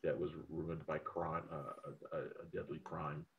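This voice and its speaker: An extremely low, gravelly voice with a slightly bright edge and little pitch movement belongs to a film critic podcast host speaking at a moderate pace. He rambles profanely with strong opinions about films in casual review chat, over a tinny phone-like line.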